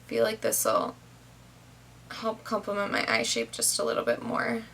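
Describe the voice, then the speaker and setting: A woman's voice: rumbling low, big pitch swings, normal speed, fairly bright tone, a little hiss or hum. A young woman casually narrating a makeup tutorial step by step, chatty with lots of "kinda, like".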